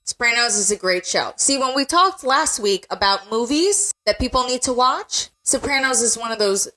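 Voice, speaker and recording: A young woman hosting a casual podcast, her pitch swinging widely as she talks. She keeps things upbeat and moves the chat along with questions for her co-host. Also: expressive, normal speed, sharp tone. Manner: upbeat, steers the talk with segment questions.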